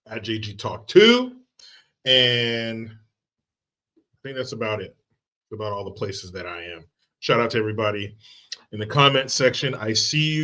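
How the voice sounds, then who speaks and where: A man's voice: mid-range voice, pushed and bright. A man hosting a live political commentary stream, casual and profane, joking with the chat and quoting movies. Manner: loose and joking, reads chat aloud, drops into movie quotes; profane, sarcastic.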